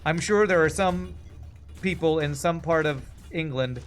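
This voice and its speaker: A man's voice: fairly high pitch, a little slow. A man in his forties with an American accent, rambling through casual game commentary and reading out chat. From Texas, USA. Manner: chatty, rambling, reads chat aloud. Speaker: game streamer. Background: faint game music.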